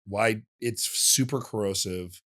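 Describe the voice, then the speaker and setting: A man's voice: lowish voice, slow, fairly bright tone. Emphatic man explaining on a podcast. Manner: emphatic, explanatory, uses car analogies. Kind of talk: casual podcast conversation.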